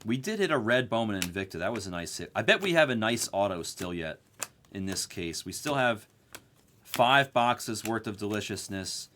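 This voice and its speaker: Animated ranting man hosting card break. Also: on the low side, moderate pace, a little hiss or hum. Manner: animated, profane, ranting storyteller. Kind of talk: live card break chat.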